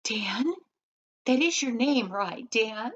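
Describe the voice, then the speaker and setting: A woman voicing a poor, kind little old lady who is deeply thankful, in a high, tearful, gushing voice. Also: expressive, takes it slowly. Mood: earnest. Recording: dull lo-fi recording.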